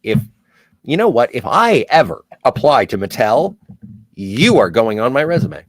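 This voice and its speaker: A man's voice: mid-range voice, very animated, unhurried, no echo. A man from Southern Ontario hosting a casual livestream, reading viewer chat aloud with playful jokey asides. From Southern Ontario, Canada.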